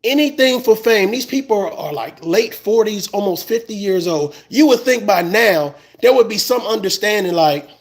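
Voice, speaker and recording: A man's voice: high voice, lively intonation, moderate pace, few pauses. A man in a fired-up, profane rant, repeating words when he gets heated. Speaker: commentator. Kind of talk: impassioned rant.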